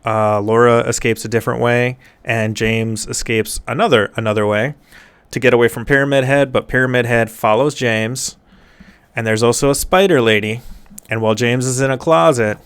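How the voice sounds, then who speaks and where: A man with a smooth, resonant voice at a middle pitch, dryly summarizing a film scene by scene. His delivery is sarcastic and deadpan, with quick mock impressions of the characters. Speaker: movie reviewer. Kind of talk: comedic movie plot recap.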